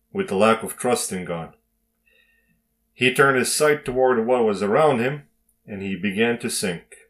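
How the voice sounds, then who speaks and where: Slow, measured male Bible teacher. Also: mid-range voice. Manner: slow, emphatic reading with dramatic pauses. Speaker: preacher. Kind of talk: devotional Bible reading and sermon.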